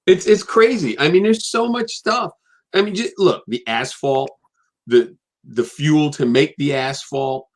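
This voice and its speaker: A man hosting a casual live show, with a voice that sits a little high. He is easygoing and chatty and breaks into laughter often. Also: a little slow. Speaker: host. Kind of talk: casual chat.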